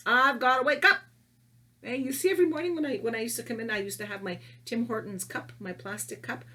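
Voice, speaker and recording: A woman's voice: on the high side, a bit bright, breathy edge. A middle-aged woman teacher giving a playful video lesson to young children, laughing often and reading tongue twisters in a sing-song way.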